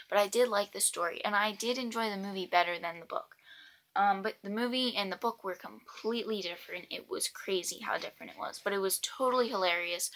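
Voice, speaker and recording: Bright-voiced thirteen-year-old girl vlogging. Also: medium pitch. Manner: chatty, frequent ums and asides. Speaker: book vlogger. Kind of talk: casual book review vlog.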